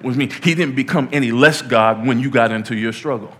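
A man's voice: medium pitch, fairly quick, a bit bright, slightly rough. A man in his thirties preaching an informal sermon in a church, conversational and playful, rising to emphatic peaks. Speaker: pastor.

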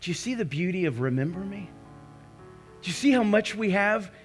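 A man preaching a communion sermon as a pastor, swinging between passionate cries and hushed prayer. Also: high-pitched, expressive, brisk, soft background music. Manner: impassioned storytelling, rising to cries then hushing to prayer.

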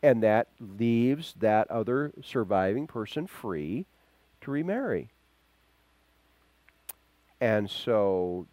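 A man preaching a verse-by-verse sermon, acting out the quoted voices and swinging between loud emphasis and quiet asides. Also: on the low side, dry recording. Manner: acts out quoted voices, chuckles. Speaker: pastor. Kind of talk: expository sermon.

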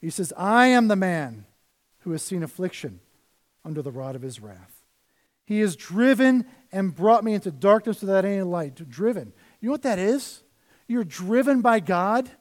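Male pastor, high voice, casual preaching with loud and soft swings. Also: animated, moderate pace. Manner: conversational preaching, rises and drops in volume. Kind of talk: sermon.

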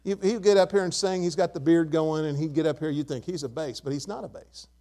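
A man's voice: on the high side, fast, dark tone. An older man preaching a sermon to his church, emphatic and repeating key words. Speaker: pastor.

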